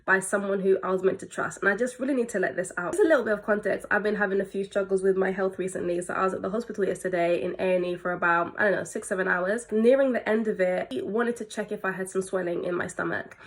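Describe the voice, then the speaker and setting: A woman's voice: mid-range voice, fast talker, hardly any pauses. A young woman vents to her viewers in an emotional storytime vlog. Her tone stays earnest and shaken, and she acts out the people she quotes. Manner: earnest, shaken, quoting others in conversation. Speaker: content creator venting to viewers.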